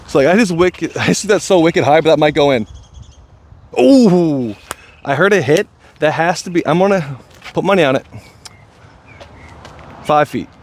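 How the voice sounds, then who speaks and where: A man vlogging his disc golf round outdoors, chatting casually and getting excited and self-deprecating over his throws. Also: on the high side, normal speed, long pauses, a little hiss or hum. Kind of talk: casual play-by-play commentary.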